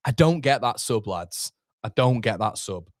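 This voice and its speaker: A man hosting a live football watchalong, reacting anxiously and in exasperation, sometimes swearing and shouting at players. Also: mid-range voice, lively intonation, normal speed, no echo, clean studio sound. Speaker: fan watchalong host. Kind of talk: live football fan commentary.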